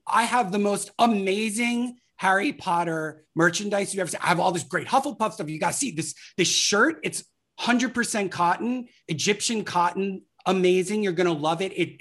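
A guest doing an overeager street seller who gushes without pause. The voice climbs high and pushes loud through a rapid hard sell. It reads as a quick sketch inside a chat. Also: lightly acted. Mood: gushing. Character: pushy overeager merchandise seller.

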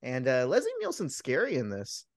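A man's voice: mid-range voice, huge pitch swings, moderate pace, no echo, clean studio sound. A man co-hosting a podcast, casually retelling a film plot in a rambling, profane way with many restarts. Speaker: podcast co-host.

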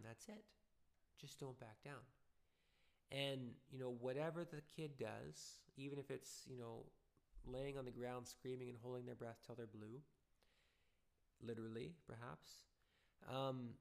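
A father talks earnestly and loosely about raising kids and often reaches for everyday comparisons. His voice has a gravelly edge and sits at a middling pitch for a man. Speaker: father giving parenting advice. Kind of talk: casual spoken talk.

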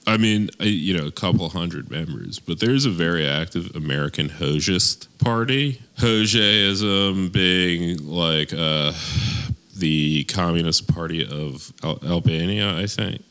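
A man's voice: deep voice, unhurried, pushed and bright, smooth. A man co-hosting a casual chat, rambling and wry, often restarting his sentences. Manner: rambling, self-correcting, wry. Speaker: podcast co-host.

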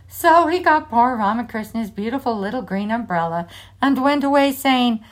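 A woman reading a children's story aloud, animated and expressive, with asides to the listener. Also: on the high side, normal speed.

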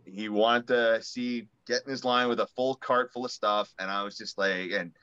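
A man's voice: lowish voice, fairly even intonation, normal speed, pushed and bright, clean tone, no room sound. A man in a casual chat, speaking expressively and swearing casually. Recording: dull lo-fi sound.

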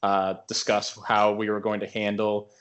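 A man's voice: fairly low pitch, completely flat delivery, normal speed. A young man co-hosting a podcast, telling a story in a rambling casual way, full of filler words and restarts. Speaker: podcast co-host.

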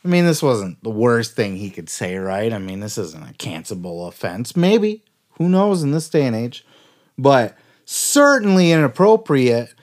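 A man hosting a comedy podcast, swearing freely and ranting with excitable outbursts. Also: mid-range voice, moderate pace. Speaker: podcast host. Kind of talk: comic podcast rant.

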